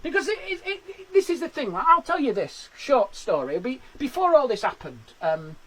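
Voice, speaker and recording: A man doing stand-up from his garden shed, with quick self-deprecating patter and laughs at his own jokes. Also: very high-pitched, big pitch swings, a bit bright, low-quality recording. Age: 40s. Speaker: stand-up comedian. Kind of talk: live-streamed stand-up.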